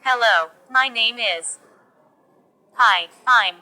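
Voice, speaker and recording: A woman teaching English, reading example phrases for learners one by one in a slow, deliberate delivery. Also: fairly high pitch, bright, forceful tone.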